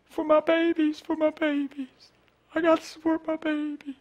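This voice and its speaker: A woman's voice: high-pitched, flat delivery, moderate pace, darkish tone, highs cut off, pitched above the performer's own voice, close to an everyday voice. A man preacher voicing a desperate, tearful young woman who pleads as she speaks. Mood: pleading.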